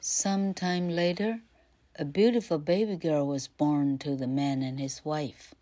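A woman teacher reads a fairy tale aloud for learners in a careful, measured way. Her voice sits low and she takes her time, pausing between phrases. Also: fairly even intonation, dark tone. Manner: careful, measured reading with pauses. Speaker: grammar teacher. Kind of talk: bilingual story reading for learners.

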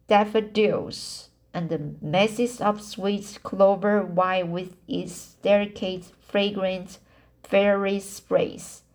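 A woman reading a novel aloud, slow and halting, stumbling and restarting on hard words. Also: medium pitch. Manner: apologizes for mistakes. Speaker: reader. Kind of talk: amateur audiobook reading.

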